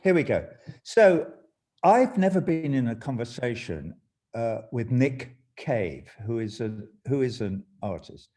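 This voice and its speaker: An older man with an English accent on a video call, reading a short story aloud and chatting with lively, animated delivery. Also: medium pitch, unhurried. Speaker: guest musician.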